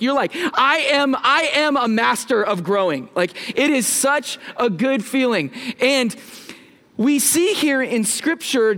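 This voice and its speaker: A pastor in his thirties preaching a sermon from the front of a church. His voice is high for a man, and he keeps the tone loose and playful, joking with the congregation and asking them to answer back. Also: a bit bright. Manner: casual, joking, talks with the congregation. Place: church sanctuary.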